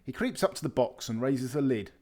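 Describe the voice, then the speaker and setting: Guy reading a kids picture book, lively, voice goes up and down a lot. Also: medium pitch, a little fast. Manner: lively expressive storytelling. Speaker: storybook reader.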